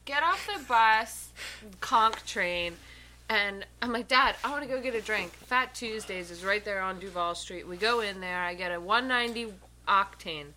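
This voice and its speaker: A woman's voice: mid-range voice, bright, forceful tone, slight background noise. A young woman from the US East Coast, co-hosting a podcast in casual chat, telling stories and laughing easily. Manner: storytelling, quick to laugh. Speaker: podcast co-host.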